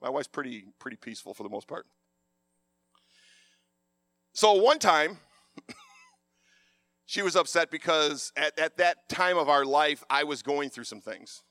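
A man delivers a sermon in a loud, passionate, animated way. His voice sits a bit high and rings bright and forceful. The sound is dry and close. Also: unhurried, pauses often, no echo. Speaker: preacher.

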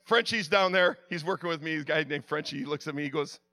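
A man preaching, telling a lively personal story with sound effects and frequent restarts. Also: fairly high pitch, quick pace. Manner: drops to a hushed, prayerful tone at the close.

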